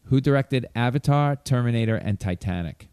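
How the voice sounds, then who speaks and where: A man's voice: medium pitch, lively intonation, a little mellow, smooth, no echo, studio quality. A man hosting a podcast quiz in casual chat, joking and teasing his guests as he reads questions. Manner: joking, teasing, quick asides. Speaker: podcast host running a quiz.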